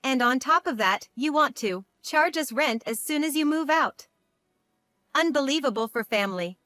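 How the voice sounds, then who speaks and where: A woman's voice: sits high, animated, normal speed, pushed and bright, dry recording, studio quality. A woman reading the lines of a mean-spirited sister-in-law in a family story, with plain read-out delivery. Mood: indignant.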